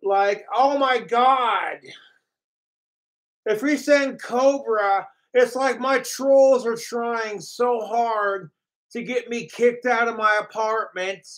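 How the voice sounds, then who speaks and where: A man's voice: very high-pitched, steady tone, slow pace, low-quality recording. A man livestreaming, ranting profanely and mockingly about his trolls and talking about himself in the third person. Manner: mimics his trolls in sneering voices.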